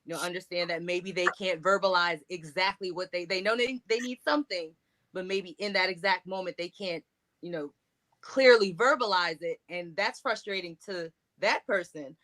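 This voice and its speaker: A woman speaking earnestly about her own experience in a candid discussion, often pausing with "you know". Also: lowish voice, a bit bright.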